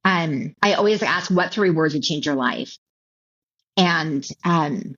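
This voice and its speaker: A middle-aged woman telling her personal story as an interview guest, halting and emotional, with many restarts and repeated words. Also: lowish voice, a bit bright. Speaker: author and keynote speaker, guest. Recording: dull lo-fi audio.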